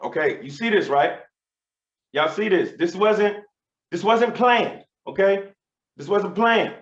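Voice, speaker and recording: A man in his thirties tells a stand-up story, swaggering and profane. His voice sits high and leaps all over the place. The sound is roomy and a little dull. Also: expressive, slow. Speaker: stand-up comedian. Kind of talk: stand-up routine.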